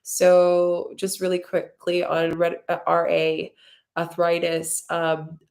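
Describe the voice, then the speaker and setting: A woman's voice: lowish voice, monotone, takes it slowly, darkish tone. A woman hosting a live stream, answering viewer comments in a loose, rambling way, effusive and openly emotional with lots of gratitude. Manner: loose, rambling with many fillers. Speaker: spiritual mentor and channel host.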